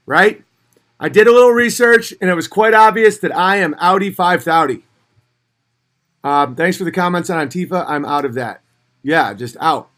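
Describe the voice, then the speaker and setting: On his casual livestream, this man, whose voice is high-pitched, reads viewers' comments and fires back answers that are blunt, animated, and full of profanity, at times escalating into shouts.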